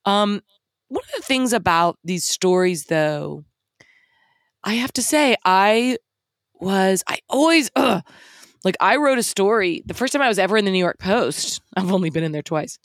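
Chatty woman co-host, mid-pitched, dry close mic, self-deprecating and giggly. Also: expressive, normal speed, no echo. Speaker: podcast co-host, writer. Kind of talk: casual podcast chat.

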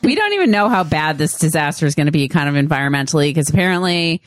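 A woman's voice: low voice, sing-song, fast talker, no echo. A woman co-hosting a podcast, chatting casually in a dry, matter-of-fact way. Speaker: podcast co-host. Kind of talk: casual chat.

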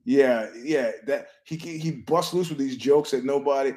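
A man hosts his own podcast with a casual rambling monologue, swearing and wandering through stories with frequent restarts while keeping his voice low to avoid disturbing a filming close by. Medium in pitch and a little mellow, he talks at normal speed with hardly any pauses.

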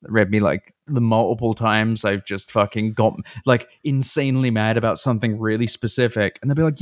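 A man's voice: on the low side, fairly even intonation, a little fast, few pauses, no room sound, studio quality. A man co-hosting a podcast, chatting casually in a sardonic way and swearing a lot. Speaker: podcast co-host. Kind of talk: casual chat.

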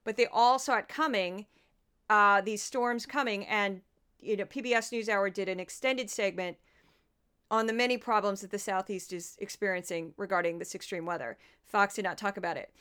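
Chatty woman podcast host, smooth voice. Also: medium pitch, normal speed, a bit bright. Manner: chatty, sarcastic, laughs often. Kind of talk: casual commentary.

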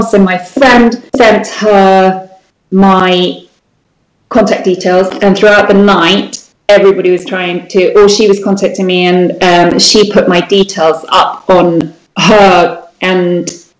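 A woman, a jewellery designer, telling her story in an interview with animated, lively retellings. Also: mid-range voice, unhurried, roomy sound, rough recording.

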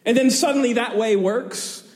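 Man preacher, high voice with a long hall reverb, animated storyteller with chuckling asides, walks through scripture verse by verse. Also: normal speed. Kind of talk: expository sermon on scripture.

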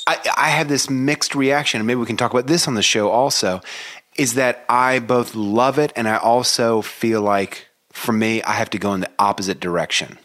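A man's voice: medium pitch, moderate pace, fairly bright tone. A man co-hosting a book podcast, speaking thoughtfully with hesitations and self-deprecating asides. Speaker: podcast co-host. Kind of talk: casual book podcast chat.

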